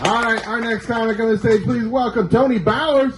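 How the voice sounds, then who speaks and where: A man's voice: very high-pitched, fairly even intonation, brisk, a little hiss or hum. A man hosting a comedy show, giving brief, upbeat introductions of each comic. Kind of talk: emcee introductions.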